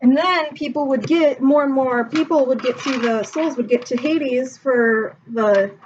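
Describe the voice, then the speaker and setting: A young woman with a fairly high voice retells a myth in a relaxed, slangy way, slowly and unhurriedly. Her voice comes through a dull, lo-fi recording with faint background noise. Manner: laid-back, slangy, lots of fillers. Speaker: storyteller.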